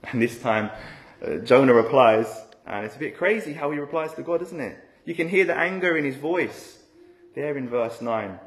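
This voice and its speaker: A man's voice: mid-range voice, normal speed, roomy sound. A man preaching an expository sermon in a conversational way, often tagging rhetorical questions onto his points.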